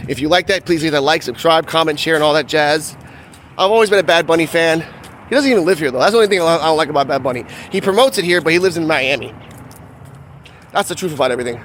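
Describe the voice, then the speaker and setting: A man's voice: on the high side, fast talker, a bit bright, a little hiss or hum. A man from Puerto Rico hosting a casual reaction vlog, blunt and fond of rhetorical questions. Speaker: reaction channel host.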